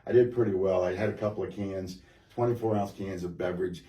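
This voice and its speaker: A man with a very low voice tells his testimony in a halting, rambling way, restarting his sentences and filling gaps with fillers. The sound comes from an echoey church room, with the mic set some way off. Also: steady tone, dark tone, recorded from a distance. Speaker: guest giving a testimony. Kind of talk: personal testimony conversation.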